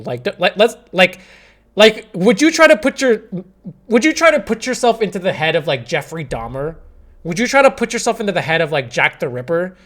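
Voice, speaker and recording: A young man commentates a chess match on a live stream, his voice on the high side. He sounds exasperated, lurching between shouting and mumbling.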